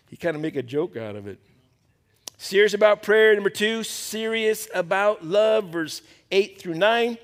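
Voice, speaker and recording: A pastor preaching to a men's Bible study, animated and throwing questions to the group. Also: male voice, fairly high pitch, fairly quick, in a large hall.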